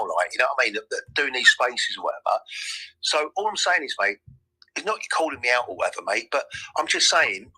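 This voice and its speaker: A man's voice: a little high, bright, forceful tone, breathy edge, poor audio. A man with a London accent, talking insistently in a heated live audio chat and repeating himself, calling everyone "mate". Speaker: crypto community member.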